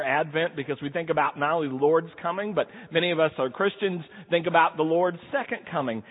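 A man's voice: fairly high pitch, in a large hall, phone-quality sound. A middle-aged man, a pastor, reading scripture and preaching a sermon, telling stories and acting out voices. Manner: animated storytelling, acts out voices. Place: church sanctuary.

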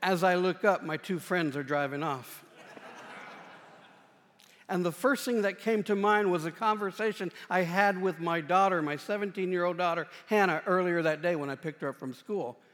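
A man in his forties with a rather high voice delivers a sermon, telling a story from his own life. He is conversational and self-deprecating, rising loud and then dropping to a hush. His voice rings out with the long reverb of a church hall. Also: normal speed. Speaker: pastor. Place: church sanctuary.

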